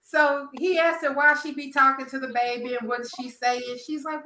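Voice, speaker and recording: A woman with a Southern American accent, hosting a casual soap opera chat and acting out characters' lines in a profane, animated way. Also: high-pitched, normal speed, few pauses, reverberant, rough recording. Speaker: podcast host.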